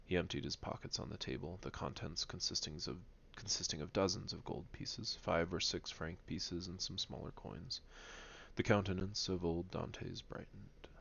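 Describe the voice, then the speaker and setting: A man reading a novel aloud, pausing to comment and sometimes stumbling and rereading lines. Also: deep voice, steady tone, creaky, a bit bright, muffled recording, a little hiss or hum. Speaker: reader.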